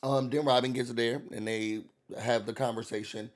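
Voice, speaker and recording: A man's voice: medium pitch, steady tone, normal speed. A man hosting a casual, gossipy recap rant, acting out quoted voices. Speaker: YouTube recap host.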